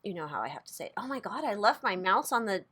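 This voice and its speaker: A woman talking through a tarot reading in a loose, chatty way, at an ordinary middle pitch for a woman. She swears freely and laughs at her own slips. Her delivery is casual and unpolished, like someone talking straight to her viewers. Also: big pitch swings, quick pace, pushed and bright, breathy edge. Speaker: tarot reader and channel host.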